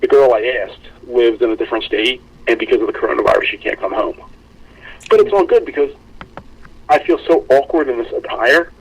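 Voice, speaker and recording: Husky-voiced man telling a story. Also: medium pitch, fairly quick, poor audio. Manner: animated storytelling, swearing and acting out quoted friends. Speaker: podcast co-host. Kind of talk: casual chat.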